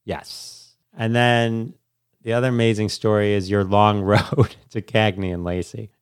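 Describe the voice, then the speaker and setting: A man with a lowish voice hosts a casual interview and eagerly draws out his guest's stories. The sound is dry, with no room echo. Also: level tone, smooth. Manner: enthusiastic, quick to laugh, prompting questions. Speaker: podcast host.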